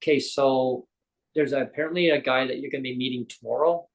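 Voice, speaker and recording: A man's medium-pitched voice, steady in tone with vocal fry, moves fairly quickly through a low-quality recording. He is a guest on a live interview show, rambling through a personal story while often correcting himself and acting out quoted dialogue.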